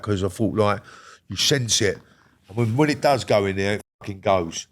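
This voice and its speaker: A man's voice: on the low side, moderate pace. An older man, a guest on a podcast, talking bluntly with constant swearing and rambling restarts. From England. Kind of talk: casual interview talk.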